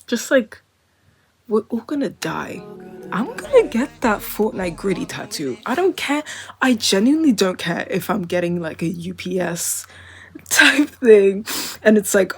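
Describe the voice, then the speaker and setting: A woman in her twenties talking casually to camera in a rambling monologue, full of filler "like", drifting between wry and earnest. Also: medium pitch. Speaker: vlogger.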